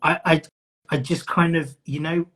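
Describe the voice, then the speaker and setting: A man's voice: fairly high pitch, fairly even intonation, normal speed, a bit bright. A man from North London with a well-traveled English accent, chatting casually as a podcast host and telling stories with quoted voices. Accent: mixed English, London with Midlands traces. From North London, England. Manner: storytelling, acts out quoted voices. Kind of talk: casual live-stream chat. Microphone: video call.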